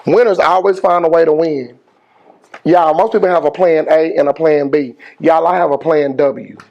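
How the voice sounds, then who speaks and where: A middle-aged man, a school principal giving an energetic motivational speech with call-and-response and slangy phrasing. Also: a little high, normal speed, gravelly, muffled recording. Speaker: high school principal, guest speaker.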